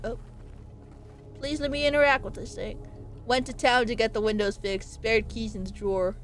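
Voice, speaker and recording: High-voiced chatty woman streamer. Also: moderate pace, faint music behind. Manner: chatty, rambling, jokey. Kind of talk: live gameplay commentary.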